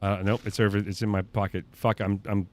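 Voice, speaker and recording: Low-voiced male streamer, swearing and panicky. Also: flat delivery, brisk. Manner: profane, panicky, talks to chat. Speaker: gaming streamer. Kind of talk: live gameplay commentary. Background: faint game music.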